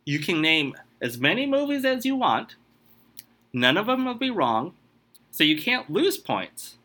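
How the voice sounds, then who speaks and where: A man on a comedy podcast running a movie quiz game, talking in an animated way with exasperated outbursts. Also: sits high, unhurried.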